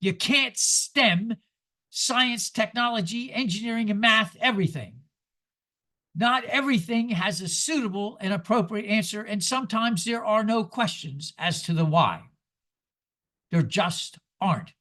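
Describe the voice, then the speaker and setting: A man in his seventies giving a sermon, emphatic and lively, asking the congregation rhetorical questions. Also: high-pitched, a little slow. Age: 70s. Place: church sanctuary.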